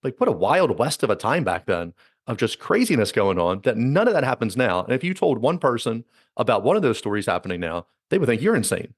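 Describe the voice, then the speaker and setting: Male podcast host, quick rambling delivery, low-pitched, dry booth sound. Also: sing-song, no room sound. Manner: fast, rambling, with frequent restarts and fillers. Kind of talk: casual conversational chat.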